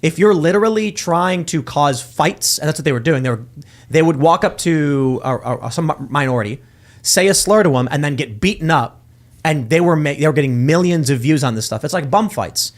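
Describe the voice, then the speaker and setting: A man's voice: fairly high pitch, animated, moderate pace. A man hosting a political talk show, arguing his point emphatically in casual chat. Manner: emphatic, argues with acted-out quotes. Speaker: podcast host.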